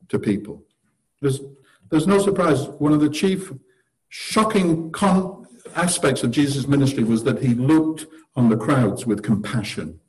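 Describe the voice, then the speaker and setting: In a rough recording, a church teacher leads a table discussion, delivering a conversational sermon to a seated group. His mid-range, darkish voice sounds earnest as he poses rhetorical questions with wry humor.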